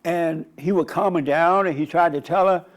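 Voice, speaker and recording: A male pastor with a somewhat high voice delivers a loose, conversational sermon. He tells stories in a rambling way and often restarts his sentences. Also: normal speed. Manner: rambling, storytelling, frequent restarts. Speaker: pastor and radio host.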